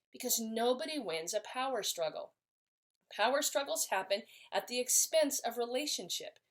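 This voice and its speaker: Middle-aged woman, fairly high voice with an animated delivery, parenting educator giving a lesson to parents. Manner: warm, empathetic, acts out short example lines. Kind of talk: instructional talk to parents.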